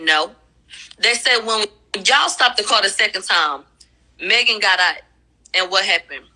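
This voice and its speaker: A woman's voice: medium pitch, sharp tone, poor audio. A woman casually recapping courtroom testimony, talking in a loose, profane way and acting out the quotes she relays. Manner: conversational, profane, acts out quoted lines. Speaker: commentator recapping a trial.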